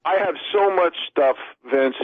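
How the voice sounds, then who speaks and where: A man's voice: high-pitched, a little slow, no echo. A man calling into a radio talk show as a regular co-host, emphatic and ranting as he piles up lists. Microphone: telephone. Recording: tinny phone line.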